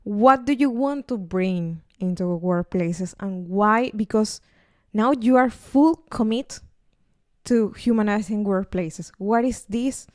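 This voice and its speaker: A woman hosts a podcast conversation, affirming her guest and moving on to questions. Her voice has a middle pitch for a woman. It is recorded dry, with no room sound around it. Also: slow, no echo. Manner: warmly affirming, asks questions. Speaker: podcast host.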